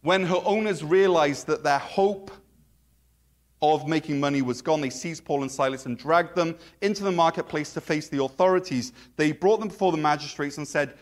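Joking pastor, slightly higher voice. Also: male voice, moderate pace. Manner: conversational and joking, with playful asides. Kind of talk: sermon.

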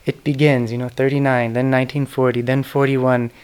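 A middle-aged man telling stories in a reflective, devotional talk. His voice is smooth and resonant, with a plain middle pitch, and his manner is earnest and gentle. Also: flat delivery, a little fast. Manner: earnest, devotional storytelling with soft, whispered quoted names. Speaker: speaker giving a talk on spiritual history. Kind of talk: reflective spoken lecture.

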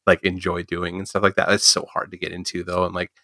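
A man with a very low, gravelly voice talks fast in a loose, rambling chat, filling every sentence with "like" and casual swearing. His tone is bright and forceful, and the sound is dry and close. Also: completely flat delivery, no room sound. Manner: rambling, swears often, heavy use of "like". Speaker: drummer and comic artist.

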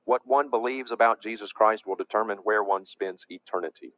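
A man's voice: fairly low pitch, brisk, a bit bright, no echo. A man preaching a lecture, emphatic and indignant as he warns his audience.

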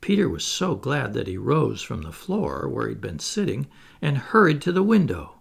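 A male narrator reading a storybook aloud with a gravelly, husky voice. He reads with plenty of expression, and his pitch moves constantly. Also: normal speed. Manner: expressive, animated. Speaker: audiobook narrator.

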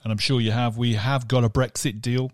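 A man from southern England hosts a podcast in a casual, joking manner. He teases his co-host between topics, at a mid-range pitch. The recording is dry and close. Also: little pitch movement, a little fast, no echo. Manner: joking, teasing banter. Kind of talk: casual chat.

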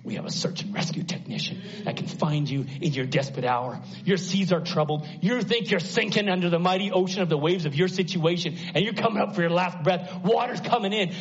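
A man preaching a sermon at a church service, dramatic, acting out the voices in the story and swinging from hushed to loud. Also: sits high, fairly quick, hardly any pauses. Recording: dull lo-fi sound.

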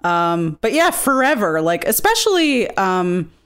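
A woman's voice: medium pitch, sing-song, fairly bright tone, clear, resonant tone. Woman co-host, frank and reactive. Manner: responsive listener, quick reactions, reflective and frank. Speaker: podcast co-host. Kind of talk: casual podcast chat.

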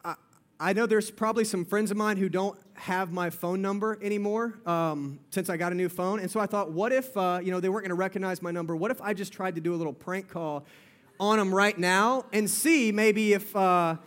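Young male youth pastor, high voice, casual and playful, repeats lines for emphasis. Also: a little fast, fairly bright tone. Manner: chatty and playful, often calls out "guys" and repeats himself. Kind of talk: sermon to a live audience.

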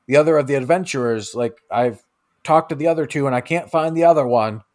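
A man's voice: medium pitch, quick pace, lightly acted. A man doing a brash, blunt woman. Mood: hurried.

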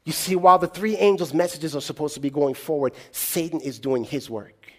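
A man with a notably high voice delivers a sermon to a congregation. He preaches in a call-and-response way, rising to loud exclamations and then dropping to hushed, low tones. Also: brisk.

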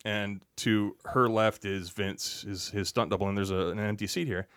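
A man on a podcast as a guest, telling a relaxed, chatty anecdote full of asides. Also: fairly low pitch, normal speed, clear, resonant tone, dry recording, clean studio sound. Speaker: podcast guest, actor and stuntman. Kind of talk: casual storytelling on a podcast.

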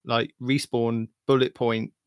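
A man's voice: medium pitch, level tone, slow, smooth, no room sound, clean studio sound. A man hosting a gaming podcast, joking and laughing at himself. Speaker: podcast host. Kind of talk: casual gaming podcast chat.

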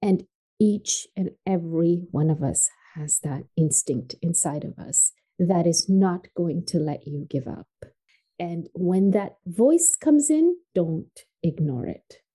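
A woman from Tanzania, a podcast guest, telling her personal story in an earnest, emphatic way that drops soft and low on painful points. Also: lively intonation, slow, breathy edge, rough recording.

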